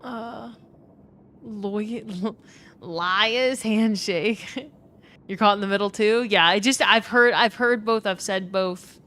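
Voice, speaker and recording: A woman's voice: medium pitch, takes it slowly, a bit bright. A young woman from Louisiana with a New Orleans accent, chatting casually with her stream chat and swearing freely. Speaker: gaming streamer.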